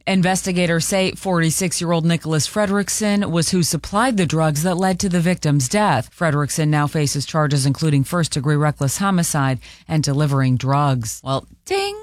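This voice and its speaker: A woman's voice: low-pitched, no echo, clean studio sound. A woman anchoring local radio news headlines, chatty, with playful asides between stories.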